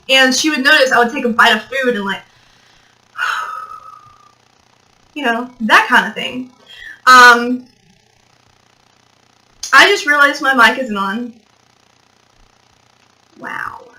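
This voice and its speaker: A young vlogger rambles and jokes through a story in a casual video, swearing and laughing often. Her voice is high-pitched, bright and pushed, slow with frequent pauses, and the audio is poor because it came from the built-in mic, her own mic not being plugged in.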